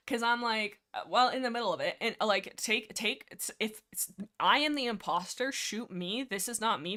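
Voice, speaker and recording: A young woman hosting a livestream, talking in a casual, rambling way and jumping from point to point. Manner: rambling, jumps between points, lively swings in pitch. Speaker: livestream host discussing books.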